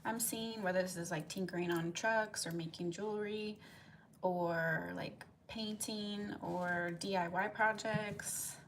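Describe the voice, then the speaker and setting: A woman's voice: mid-range voice, fairly even intonation, measured pace, slight background noise. Chatty woman doing a live tarot reading. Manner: chatty and rambling, heavy use of "like" and "um"; reads viewers' comments aloud and answers them. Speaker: tarot reader on a live stream. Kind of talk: casual live pick-a-card reading, chatting with viewers.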